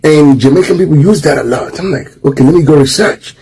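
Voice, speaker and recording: Husky man, dark tone. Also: on the high side, fast, low-quality recording. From Nigeria. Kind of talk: casual talking-head explainer.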